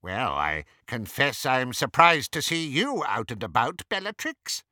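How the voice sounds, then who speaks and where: A man voicing a cool, measured male dark wizard in an audiobook reading. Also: mid-range voice, very animated, no echo, clean studio sound, heavily acted.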